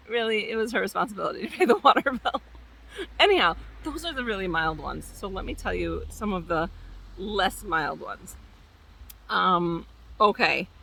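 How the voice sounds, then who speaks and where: Brief: woman property manager, chatty vlog storyteller, crisp bright tone, close and dry. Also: medium pitch, no echo. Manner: chatty, animated, with fillers and restarts.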